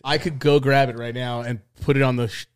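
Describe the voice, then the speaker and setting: A young man co-hosting a podcast, telling a story in animated casual chat with a lot of swearing and acted-out quotes. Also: medium pitch, brisk, clear, resonant tone. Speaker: podcast co-host.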